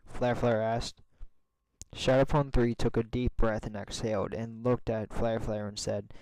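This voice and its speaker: A man reading a fan story aloud in plain, steady narration. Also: medium pitch, moderate pace, no room sound, poor audio. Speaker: story reader.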